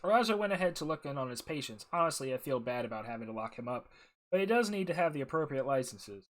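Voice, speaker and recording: A man's voice: medium pitch, animated, fast, lightly acted. A man voicing a stern, by-the-book male jungle ranger officer, reading game dialogue aloud in a formal briefing tone. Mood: matter-of-fact.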